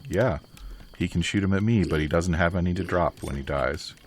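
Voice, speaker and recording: A man's voice: low voice, normal speed, a little hiss or hum. A man playing a video game and chatting casually in a dry, matter-of-fact way. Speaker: let's play player. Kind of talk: casual gaming chat. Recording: music in background.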